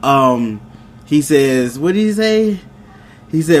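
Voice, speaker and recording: A man's voice: on the high side, expressive, measured pace, slight background noise. Rambling man recapping a show. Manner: rambling, retelling scenes with quoted lines and chuckles. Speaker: show host reviewing a TV episode. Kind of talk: casual recap and review.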